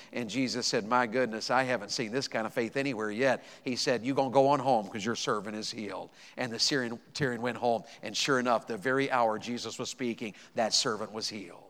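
Preacher in a reverberant hall. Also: male voice, a little high. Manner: swings from hushed storytelling to loud, emphatic preaching. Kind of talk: sermon. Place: large church hall. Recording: long reverb of a large hall.

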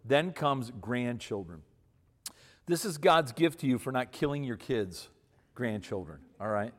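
A man in his fifties with a mid-pitched voice, talking folksy and emphatic as he advises an audience. His words carry a long hall reverb. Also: lively intonation, measured pace. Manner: folksy, emphatic, repeats himself. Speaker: speaker giving marriage advice to men. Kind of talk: advice talk to an audience.

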